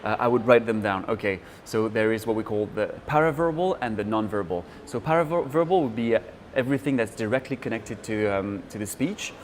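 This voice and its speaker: A young man from France with a French accent, answering interview questions in a halting way, full of fillers and restarts. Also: fairly low pitch, slight background noise. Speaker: interview guest.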